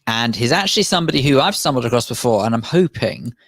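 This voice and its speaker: A man's voice: medium pitch, expressive, quick pace, a bit bright, dry recording, clean studio sound. A man co-hosting a radio talk show, introducing a guest in an earnest, polite way. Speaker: radio co-host. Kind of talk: casual radio chat.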